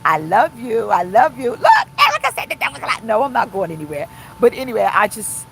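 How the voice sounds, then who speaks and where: A woman preaches to her livestream viewers, pressing her points by repeating them. Her voice sits at a middle pitch for a woman. A faint rumble from a vehicle runs underneath. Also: poor audio. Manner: emphatic, repeats phrases, talks to live viewers. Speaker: pastor. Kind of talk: informal livestream sermon.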